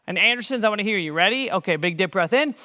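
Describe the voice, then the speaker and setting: A man leading a church children's program through stretches and vocal warm-ups in an upbeat, encouraging way. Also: sits high, animated, fast talker. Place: church hall. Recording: echoey hall.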